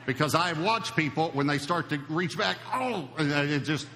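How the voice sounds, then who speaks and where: A man's voice: fairly high pitch, animated, normal speed, bright, forceful tone, a little hiss or hum. A male pastor giving a sermon in an emphatic, conversational preaching style. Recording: long hall reverb.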